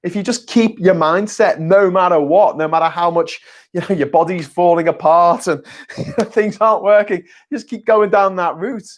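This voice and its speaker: A man hosts a casual live chat. He reads out viewer messages and answers them in a blunt, sarcastic way, swearing freely. His voice sits somewhat high for a man. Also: normal speed. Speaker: host.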